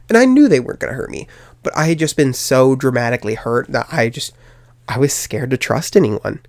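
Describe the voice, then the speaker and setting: A man's voice: mid-range voice, lively intonation, fairly quick, vocal fry, dry recording, clean studio sound. A young man hosting a podcast, telling a personal story in a rambling way, with many fillers and restarts. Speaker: podcast host.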